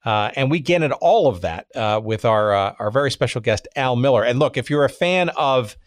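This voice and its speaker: A man's voice: medium pitch, animated, a little fast, dry recording, clean studio sound. A man hosting a podcast, introducing his episode in a chatty, hesitant way full of fillers. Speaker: podcast host.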